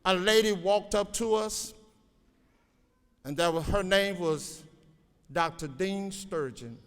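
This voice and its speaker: A man's voice: high voice, takes it slowly, fairly bright tone, smooth. A man in his sixties, an educator giving a motivational graduation speech with folksy storytelling, exhorting the crowd. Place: large auditorium. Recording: reverberant hall.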